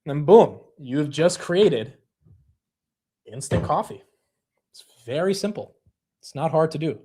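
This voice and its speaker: Excitable man hosting a market livestream. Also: mid-range voice, breathy edge. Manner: excitable, swings loud and fast, joking. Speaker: livestream host. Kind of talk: casual market livestream chat.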